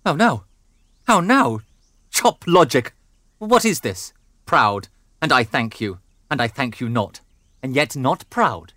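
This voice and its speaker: A man playing a furious, domineering noble father in a classical drama, blustering between growls and shouts. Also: mid-range voice, very animated, slow pace, long pauses, no room sound, full character voice. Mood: raging.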